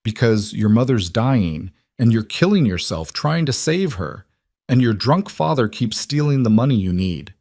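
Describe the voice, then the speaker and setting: A man voicing a lone cowboy who talks calmly and bluntly in a level, matter-of-fact way. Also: mid-range voice, moderate pace, no room sound, studio quality.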